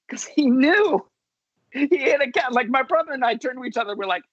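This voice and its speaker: A man's voice: very high-pitched, expressive, fairly quick, fairly bright tone, breathy edge, dry recording, dull audio. A man telling a funny childhood story at an online story slam, chatty and self-amused, over a video call. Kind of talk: personal story told at a virtual story slam.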